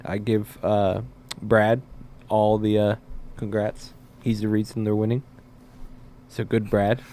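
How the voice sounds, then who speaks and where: A man's voice: on the low side, flat delivery, takes it slowly, warm tone, a little hiss or hum. A man co-hosting a casual chat show, laid-back and joking, often hesitating between words. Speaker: show co-host.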